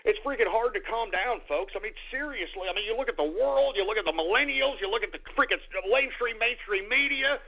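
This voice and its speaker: A man hosting a talk radio show, exploding into swearing, exasperated rants and then trying to calm himself down. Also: high-pitched, a little fast, few pauses. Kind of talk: ranting internet radio talk. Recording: tinny phone-line radio audio.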